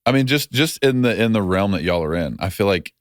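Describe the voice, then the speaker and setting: A man, a musician guest chatting in a relaxed, joking way. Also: lowish voice, a little fast, no room sound, studio quality. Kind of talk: casual chat.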